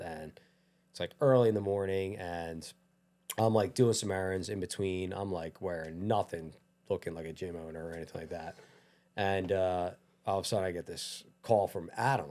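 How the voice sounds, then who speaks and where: Fast-talking man telling a story. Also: sits low. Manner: animated anecdote-telling, acts out quotes, laughs often. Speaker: gym owner, podcast guest. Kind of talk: casual storytelling.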